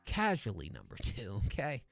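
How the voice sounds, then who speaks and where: A man's voice: fairly low pitch, wildly swooping pitch, moderate pace, creaky, no echo, faint music behind. A man reacting to listener songs on a stream, talking in laid-back slangy banter and calling people dog. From California. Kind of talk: casual stream commentary.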